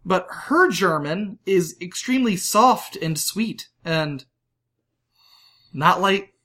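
A young man with a bright, crisp voice tells animated stories on a casual podcast. His speech is lively and quick to jump in. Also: sits high. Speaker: podcast co-host.

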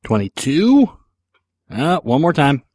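A man's voice: medium pitch, moderate pace, noisy background. A man hosting a podcast, casually answering listener questions in a rambling, joking way with lots of fillers. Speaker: podcast host.

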